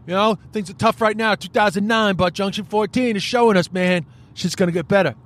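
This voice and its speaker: An Irish man hosting a podcast, ranting in a profane, rambling, animated comic style. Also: high-pitched, fairly quick. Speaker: podcast host. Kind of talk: solo comedic podcast rant.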